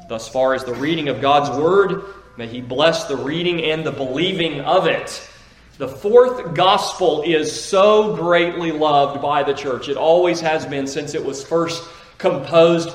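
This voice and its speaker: A pastor reading scripture and preaching an emphatic sermon, occasionally correcting himself. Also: male voice, on the high side, a little slow, echoey room, poor audio. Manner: emphatic preaching with slips and restarts.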